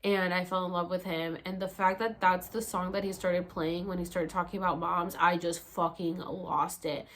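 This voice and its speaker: A young woman vlogging to camera, telling a personal story in a casual, animated way, with lots of swearing and "like" fillers. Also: lowish voice, moderate pace, few pauses, a little hiss or hum.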